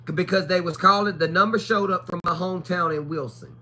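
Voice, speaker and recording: A woman's voice: fairly low pitch, brisk, sharp tone. A woman chatting casually on a livestream, telling blunt, profane stories and acting out the voices of people she quotes. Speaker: livestream co-host. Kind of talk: casual chat.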